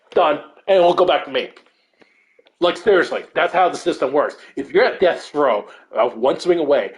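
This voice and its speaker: A man telling a gaming story in casual chat, swearing a lot and acting out what others said. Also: on the high side. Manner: animated and profane, acts out what others said.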